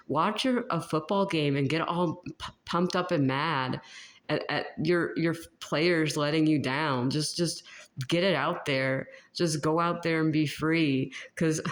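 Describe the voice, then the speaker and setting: A woman talking casually through a tarot reading for viewers, rambling, restarting her sentences and laughing often. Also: sits low. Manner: many fillers and restarts. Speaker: tarot reader.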